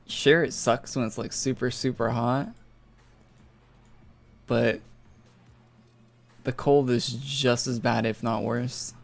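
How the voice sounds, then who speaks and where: A man's voice: mid-range voice, fairly even intonation, slow pace, vocal fry, pauses often. A young man from northern Alberta, rambling and swearing casually as he chats on a gaming stream. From northern Alberta, Canada. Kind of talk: casual live-stream chat. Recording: faint music behind.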